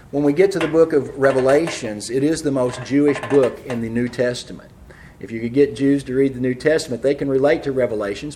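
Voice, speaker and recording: A man's voice: medium pitch, slight background noise. Fervent male preacher. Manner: fervent, rises loud on scripture readings; fast, apologizes for speaking quickly. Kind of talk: prophecy sermon.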